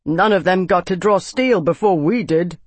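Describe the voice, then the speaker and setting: A man's voice: high-pitched, normal speed, no room sound, pitched above the performer's own voice. A man reading an audiobook, voicing a coolly confident young soldier with a matter-of-fact manner.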